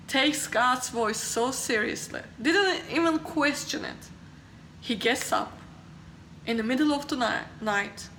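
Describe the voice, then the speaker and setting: A woman preacher telling a testimony in a sermon, passionate, swinging from hushed tones to exclaiming and laughing through tears. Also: on the high side, echoey room, slight background noise, rough recording.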